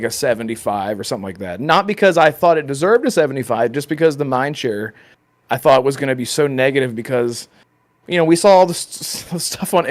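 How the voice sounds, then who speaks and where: A man co-hosting a casual podcast chat, animated and quick to laugh, with many restarts. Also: medium pitch. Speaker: podcast co-host.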